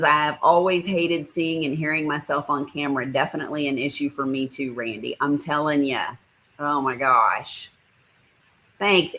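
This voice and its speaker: Woman, livestream host, low voice, chatty and laughing, reads viewer comments aloud. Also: a bit bright. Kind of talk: casual live chat.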